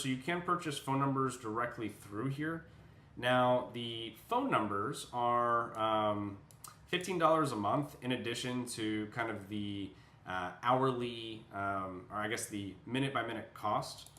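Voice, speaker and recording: A man giving a casual screen-share walkthrough of software, talking loosely with lots of fillers as he thinks aloud. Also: medium pitch, a little hiss or hum. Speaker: software demo presenter. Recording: echoey room.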